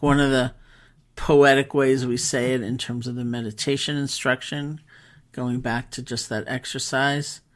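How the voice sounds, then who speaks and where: A woman meditation teacher telling stories in a relaxed, conversational talk, with pauses and fillers. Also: a bass voice. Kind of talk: storytelling talk.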